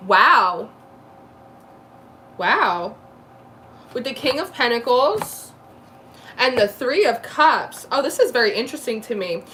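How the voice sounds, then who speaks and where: A woman's voice: a little high, very animated, fairly bright tone, slight background noise. Chatty New woman reading tarot. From New Jersey. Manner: chatty, laughs often, quick asides. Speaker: tarot reader. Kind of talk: live tarot reading chat.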